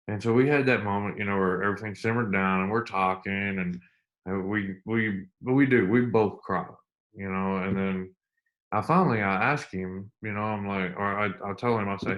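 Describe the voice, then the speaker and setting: Middle-aged man, low voice, earnest interview guest; repeats himself, slows for emphasis. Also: fairly even intonation, a bit bright. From United States. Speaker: interview guest, army veteran. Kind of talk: candid storytelling interview.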